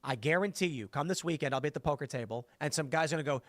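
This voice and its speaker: A man's voice: on the high side, racing, no room sound. A man hosting a casual political chat, reading viewer comments and acting out everyday people's voices. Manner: animated, acts out voices of others in anecdotes.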